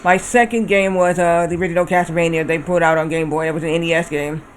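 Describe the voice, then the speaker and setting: A man's voice: a little high, little pitch movement, fast, slight background noise. A man in his thirties chatting casually while streaming a game, rambling and often correcting himself. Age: 30s. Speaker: livestreamer.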